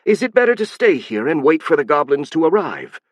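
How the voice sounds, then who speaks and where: A man reading an audiobook, voicing a proud, stubborn alien hive queen with a shrill, strange edge. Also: animated, moderate pace, no room sound, close to an everyday voice. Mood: defiant. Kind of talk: audiobook narration.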